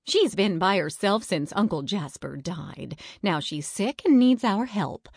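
A woman's voice: mid-range voice, lively intonation, measured pace, husky, dry recording, clean studio sound, pitched above the performer's own voice. A woman voicing a stern but caring grandmother laying down the rules to her grandson in a storybook reading. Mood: firm. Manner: firm, lecturing.

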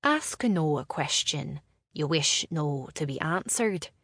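A woman's voice: low-pitched, lively intonation, a bit bright, slightly rough, dry recording, full character voice. A woman voicing a proud, teasing clan laird in a storybook reading. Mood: gruff, teasing. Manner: slow, dry, quipping.

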